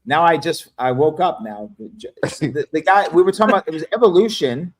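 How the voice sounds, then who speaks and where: A man chatting on a livestream panel, rambling and profane as he tells stories in a casual, animated way. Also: fairly high pitch, a little fast. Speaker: panel guest.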